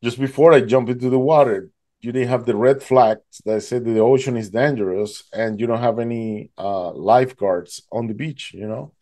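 Guest, male, halting storyteller, mellow warm tone. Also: medium pitch. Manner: halting, fills with "like" and "you know". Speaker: guest telling his survival story. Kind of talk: emotional personal storytelling.

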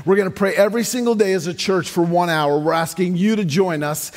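A man's voice: high voice, brisk. A male pastor, preaching a sermon in an upbeat, joking, sing-song cadence. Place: church sanctuary.

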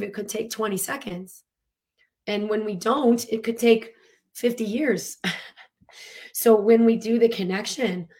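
A woman coaching listeners through emotional release in a loose, spoken teaching style. Her voice sits at an ordinary middle pitch. She talks with animated earnestness, drops in frequent fillers and laughs, and breathes and sighs audibly as she demonstrates.

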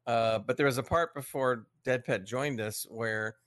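A man's voice: medium pitch, measured pace, a bit bright, no echo, clean studio sound. A man on a podcast, casually telling a gaming story with chuckles and friendly asides. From United States. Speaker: podcast co-host. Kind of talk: casual chat.

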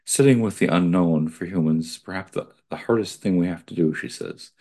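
Deep husky man reading aloud. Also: warm tone. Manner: digressive, pausing to add his own comments. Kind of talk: reading an article aloud with personal asides.

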